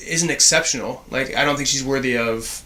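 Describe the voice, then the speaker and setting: Young male co-host, crisp bright voice, plainspoken takes in casual chat. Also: mid-range voice, brisk. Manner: blunt, short opinions. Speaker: podcast co-host.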